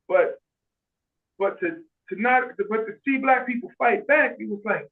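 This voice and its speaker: A man telling stories in casual chat on a video call, animated, acting out quoted voices and often restarting his sentences. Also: very high-pitched, a little slow, long pauses. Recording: tinny phone-like video call audio.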